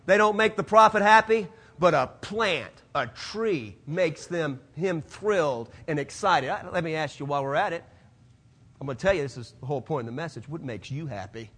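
A man preaching a sermon, swinging from loud declarations to hushed, quiet asides. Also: high voice, husky.

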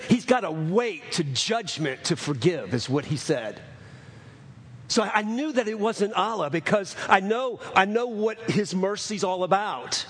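A man preaching a sermon as pastor, earnest, repeating phrases, moving between raised proclamation and hushed asides. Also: high voice. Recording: long hall reverb.

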